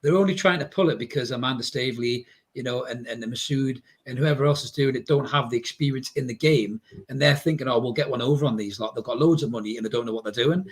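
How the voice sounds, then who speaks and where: Geordie bloke rattling on about football on a podcast, quick and chatty, keeps saying mate. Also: male voice, medium pitch. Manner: chatty, says mate a lot. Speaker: podcast co-host. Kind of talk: casual football chat.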